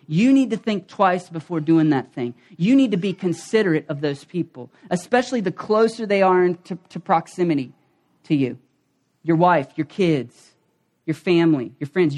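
A middle-aged man preaching a sermon in a conversational, animated storytelling manner. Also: high-pitched. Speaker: pastor.

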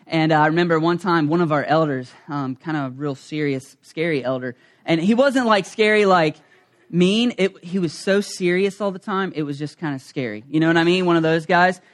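High-voiced animated male pastor. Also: a little fast. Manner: animated, humorous, acts out voices. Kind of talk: storytelling sermon.

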